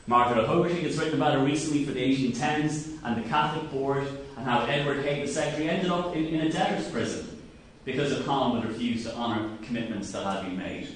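A man's voice: medium pitch, quick pace. A man with an Irish accent giving a history seminar lecture, telling it as a story and acting out quoted speeches. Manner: storytelling, acts out quoted speeches with rising emphasis. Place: lecture hall. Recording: echoey room, far from the mic, faint hiss.

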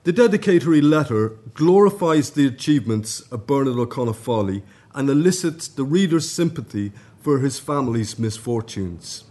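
A man at a conference, reading out a formal academic paper in a measured way. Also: medium pitch, lively intonation, mellow. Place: conference room.

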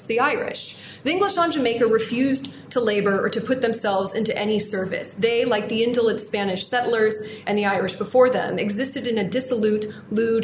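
Woman reading a formal history talk, middle pitch, echoey room. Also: a little hiss or hum. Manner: measured, formal delivery with quoted sources. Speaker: history lecturer.

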